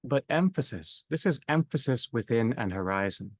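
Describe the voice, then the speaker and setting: A man leading a reflective theological discussion, speaking slowly in halting phrases that trail off softly at their ends. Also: mid-range voice, lively intonation, no room sound. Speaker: discussion leader.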